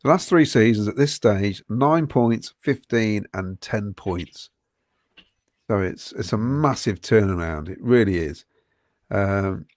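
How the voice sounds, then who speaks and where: A man's voice: fairly low pitch, no echo, studio quality. A man co-hosting a fan podcast, reading out viewer comments with frequent ums and chuckles in casual chat.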